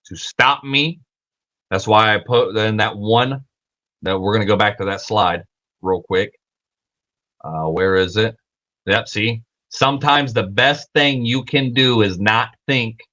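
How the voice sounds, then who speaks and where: A young man talks casually on his livestream, rambling and correcting himself as he goes. He swears freely and leans on filler words. His voice sits a bit low, with a bright, forceful edge. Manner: rambling, profane, self-correcting, repeats fillers. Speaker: podcast host.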